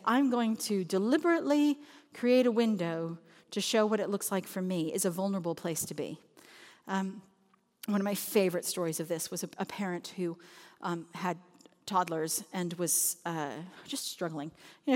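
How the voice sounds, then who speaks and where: A woman speaking about children's ministry, telling lively anecdotes with frequent laughter. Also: medium pitch, in a large hall. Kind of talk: storytelling talk.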